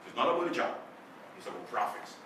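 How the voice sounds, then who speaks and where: A man giving a motivational talk to a club, telling a story and acting out the voices in it. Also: quick pace. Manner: animated storyteller, acts out quoted voices. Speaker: guest speaker. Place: club meeting room. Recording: echoey room, distant mic, faint noise.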